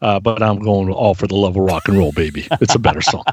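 A man's voice: on the low side, brisk, a little mellow, husky, dry recording. A man co-hosting a podcast, explaining a game in a laid-back, casual way. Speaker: podcast co-host running the game. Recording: dull, dry lo-fi sound.

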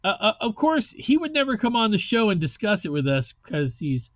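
High-voiced rambling man hosting a podcast. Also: very animated, normal speed, fairly bright tone, dry recording, muffled recording. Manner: loose, rambling, swears casually. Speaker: podcast host. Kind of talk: casual podcast chat.

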